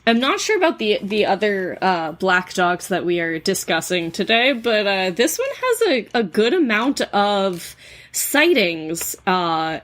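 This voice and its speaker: A woman from New England co-hosting a podcast, telling spooky folklore in a relaxed, casual way with plenty of ums and uhs. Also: medium pitch, measured pace. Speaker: podcast co-host. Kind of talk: casual chat, storytelling folklore.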